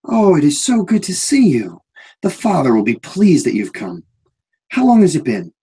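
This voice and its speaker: A big, odd man bubbling over with childlike excitement and strange devotion, as a game master puts him on. His voice jumps up high and stays a little husky. He sounds like a tabletop role-play figure. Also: moderate pace, full character voice, poor audio. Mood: excited. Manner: excited, eager, oddly fervent.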